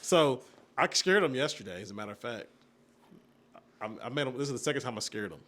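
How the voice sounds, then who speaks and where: A young man chatting on a podcast, telling stories about his family and slipping into the voices of the people in them. His pitch sits in the middle for a man. He talks loosely and casually. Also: quick pace. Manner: storytelling, animated retellings of family moments. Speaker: podcast co-host. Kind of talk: casual chat.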